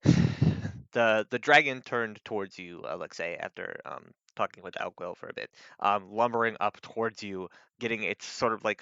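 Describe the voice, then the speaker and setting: A man running a tabletop game as game master, narrating haltingly with many fillers. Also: lowish voice, sharp tone, clear, resonant tone, dry recording. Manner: halting, full of "like" and "um". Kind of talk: live-streamed tabletop narration. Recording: dull lo-fi mic.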